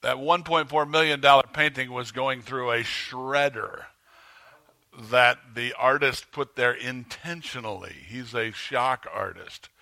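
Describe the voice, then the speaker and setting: A man preaching a sermon as pastor, conversational and halting with fillers and restarts, rising when he stirs up the congregation. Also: creaky, sharp tone, slight background noise. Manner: rises in pitch and volume when stirring the congregation. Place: church sanctuary.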